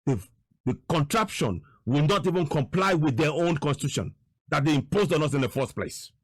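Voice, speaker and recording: A man delivers insistent political commentary, hammering his points again and again. His pitch rises and falls in lively swings. The sound is dry, with no room echo. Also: moderate pace, slightly rough. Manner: emphatic, repetitive, indignant. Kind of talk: commentary over video footage.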